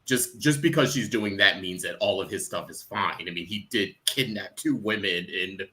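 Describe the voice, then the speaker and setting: A man's voice: low voice, moderate pace, pushed and bright. A man co-hosting a soap recap podcast, talking earnestly through his opinion with frequent restarts. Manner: earnest, restarts while reasoning. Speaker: podcast co-host. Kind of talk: casual chat.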